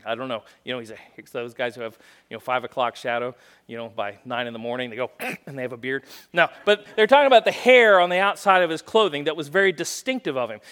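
A male guest preacher giving a sermon, retelling scripture in a lively storytelling way, acting out the characters' lines with sudden loud bursts and dropping to quiet, joking asides. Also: high voice, brisk. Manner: drops to quiet asides and jokes.

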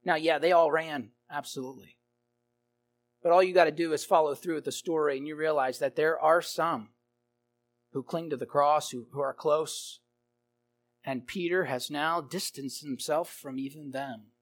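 A man's voice: fairly high pitch, fairly even intonation, normal speed. A man preaching an expository sermon, emphatic, swelling and dropping in volume and repeating his phrases.

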